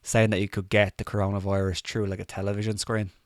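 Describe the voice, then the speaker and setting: A man's voice: on the low side, flat delivery, fast talker, no room sound, studio quality. A man with a slight cold co-hosting a casual live chat, loose and sweary, laughing often. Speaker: podcast co-host.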